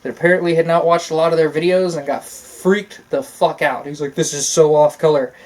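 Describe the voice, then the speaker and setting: A man's voice: a little high, fairly even intonation, a little fast. A man co-hosting a casual talk show, telling stories in a loose, profane way and laughing often. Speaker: podcast co-host. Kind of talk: casual chat.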